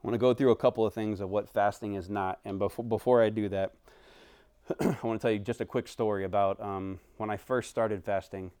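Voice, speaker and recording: A pastor, a man in his thirties, preaching a conversational sermon that swings from animated stretches to hushed, quiet passages. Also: lowish voice, brisk, clear, resonant tone, no echo.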